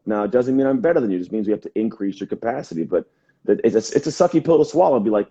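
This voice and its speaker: Fast-talking husky man, muffled stream. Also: fairly low pitch. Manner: energetic, fast storytelling with acted quotes. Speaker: motivational speaker guest. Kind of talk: casual live video chat. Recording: muffled lo-fi livestream audio.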